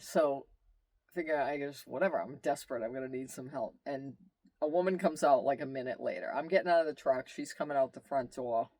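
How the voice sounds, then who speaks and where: A man telling a long road-trip story in casual, rambling storytelling, animated, with asides and exclamations. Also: a little high, dry recording. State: tired. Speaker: vlogger telling his travel story.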